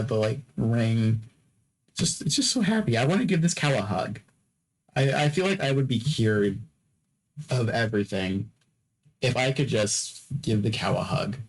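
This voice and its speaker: A man's voice: medium pitch, darkish tone, poor audio. A man hosting a podcast in a casual, rambling monologue, drowsy and yawning, often stammering and repeating himself. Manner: repeats words and phrases, stammering restarts; drowsy, yawning between topics. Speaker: podcast host.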